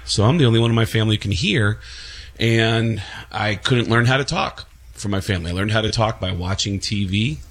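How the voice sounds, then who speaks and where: A man from the Bronx, a comedian and guest on a talk show, telling quick stories and slipping into voices. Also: lowish voice, husky. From the Bronx, New York. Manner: fast storyteller, jumps into voices.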